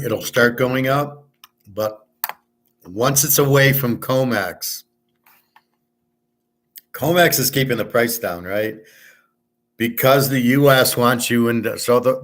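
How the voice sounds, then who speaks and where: Man, casual livestream host, loud and clear, blunt, opinionated, rambling, mid-pitched voice. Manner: talks loud and clear on purpose. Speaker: sports handicapping show host. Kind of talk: casual livestream chat with viewers.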